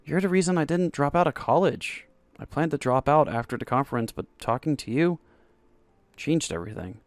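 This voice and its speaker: A man's voice: fairly high pitch, animated, a little fast, dry recording, pitched above the performer's own voice, natural voice. Young man fresh out of college, shaky yet determined, close dry sound , as a man plays him. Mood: earnest. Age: young adult. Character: young male graduate, emotional and hurt.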